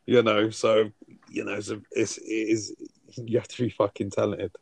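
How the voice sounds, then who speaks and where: A man's voice: on the low side, little pitch movement, normal speed, creaky, husky, no room sound. A man co-hosting a podcast, chatting casually and teasing his co-host. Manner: banter, swearing, teasing. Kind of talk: casual chat.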